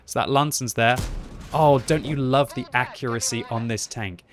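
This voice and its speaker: Young gamer-commentator, excitable and self-mocking, faint noise floor. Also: male voice, medium pitch, normal speed. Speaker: gaming commentator. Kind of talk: live gameplay commentary.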